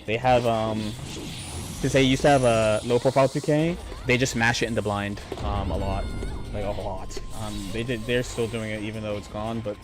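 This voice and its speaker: A man's voice: on the low side, steady tone, moderate pace. A man streaming a fighting game, talking through his matches with frequent swearing and frustrated outbursts. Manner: frustrated, swearing, talks to opponent. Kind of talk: live gameplay commentary. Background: game music.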